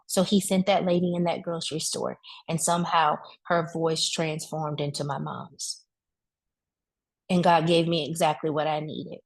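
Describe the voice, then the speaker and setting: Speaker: woman with a lowish voice, giving a motivational grief talk in a loose, colloquial preaching style. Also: moderate pace. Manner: conversational preaching, addresses the crowd directly; relaxed colloquial speech with vivid asides. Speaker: speaker at a wellness event.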